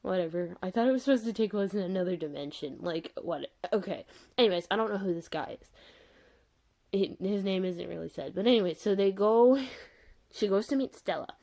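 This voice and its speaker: A woman's voice: medium pitch, expressive, brisk, vocal fry, warm tone. Exasperated young woman ranting casually. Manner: exasperated, rambling with fillers and laughs. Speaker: vlogger reviewing a show.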